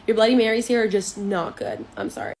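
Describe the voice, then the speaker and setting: A woman from Canada talking to camera in a relaxed, chatty way. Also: on the high side, fairly quick. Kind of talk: casual vlog talk to camera.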